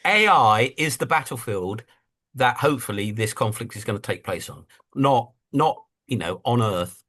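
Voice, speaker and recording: A man's voice: medium pitch, normal speed. A man talking as a guest in a casual conversational interview over a video call, telling stories and acting out what other people say. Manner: animated storyteller who acts out quotes. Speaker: guest investor and writer.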